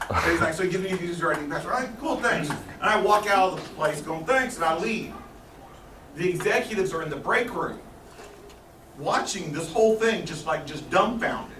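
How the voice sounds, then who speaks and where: A man giving a talk to a live audience, telling a story in an animated way and laughing often. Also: high voice, brisk. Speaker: guest speaker. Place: meeting room with audience. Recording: echoey room, far from mic, noisy.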